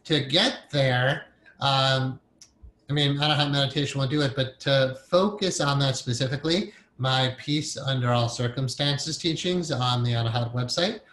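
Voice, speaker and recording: A man's voice: mid-range voice, normal speed, fairly bright tone, echoey room, low-quality recording. A man giving a recorded meditation training lecture in a loose, conversational way, repeating key points and acting out the inner voices of emotions. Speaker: meditation teacher.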